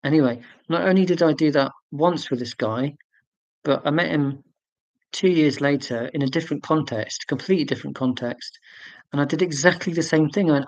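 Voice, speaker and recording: A man's voice: on the high side, fairly quick, darkish tone, dry recording, lo-fi sound. A man chatting casually on a live stream, rambling and self-deprecating, with lots of ums as he answers viewer comments.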